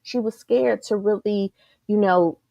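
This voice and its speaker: A woman coaching a group in a lively motivational talk, full of rhetorical questions and repeated calls to "you guys.". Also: mid-range voice, measured pace, gravelly, no echo, dull audio. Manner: energetic, repetitive, rhetorical questions, keeps saying "you guys".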